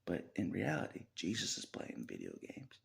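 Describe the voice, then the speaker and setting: A man's voice: low-pitched, huge pitch swings, moderate pace, gravelly. A man talking through a rambling personal monologue, chuckling often and dropping into half-whispered asides. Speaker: vlogger.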